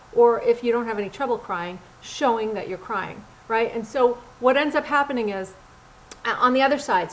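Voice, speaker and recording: A middle-aged woman, a casting director and acting coach, giving acting tips straight to camera in a blunt, animated, conversational way. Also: fairly high pitch, a little hiss or hum, low-quality recording. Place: Los Angeles.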